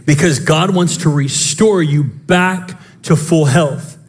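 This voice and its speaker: Man, pastor, sermon, high voice, impassioned, quick asides, shouts. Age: young adult to middle-aged, father of children.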